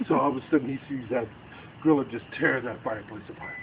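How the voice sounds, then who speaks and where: A man's voice: mid-range voice, fast. A man telling a spooky story to family around a bonfire at night, acting out the panicked lines of the people in it. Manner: lively, acts out the characters' panicked lines. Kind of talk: animated spooky campfire storytelling. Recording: tinny, noisy home video.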